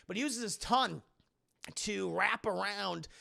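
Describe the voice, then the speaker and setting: A man streaming a casual, profane scene-by-scene movie recap to his live chat, quickly acting out the characters' lines. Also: sits high, vocal fry, bright, forceful tone. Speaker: streamer and film reviewer.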